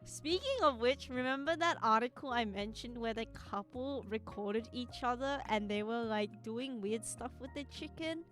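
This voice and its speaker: A young-sounding woman live-streams, chatting loosely with viewers in a bright, clear, fairly high voice at a moderate pace with hardly any pauses. She drifts from thought to thought, saying "like" and "you know" a lot and breaking into giggles, with faint music playing softly behind her.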